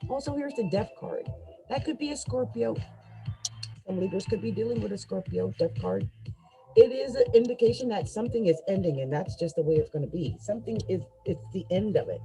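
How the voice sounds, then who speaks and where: A woman gives a casual tarot reading in a chatty, upbeat way, talking straight to the listener and breaking into quick laughs. Her voice sits at a middle pitch for a woman. Clear music plays underneath her. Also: expressive, warm tone, rough recording. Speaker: tarot reader.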